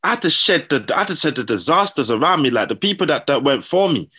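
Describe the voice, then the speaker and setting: A man's voice: on the high side, fast, husky. A man telling stories in casual slang, acting out what people said. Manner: slangy, animated, acts out quotes. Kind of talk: casual storytelling.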